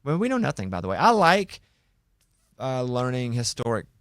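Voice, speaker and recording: A man's voice: mid-range voice, very animated, moderate pace, fairly bright tone, dry recording, clean studio sound. Joking young man hosting a podcast. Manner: joking, playful banter. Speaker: podcast host. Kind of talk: casual chat.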